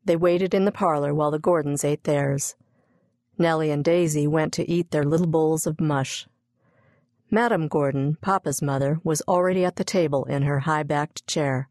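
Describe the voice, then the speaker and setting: Low-voiced woman reading a children's book. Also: moderate pace, a little mellow, no echo, clean studio sound. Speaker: audiobook narrator. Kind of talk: scripted children's book narration.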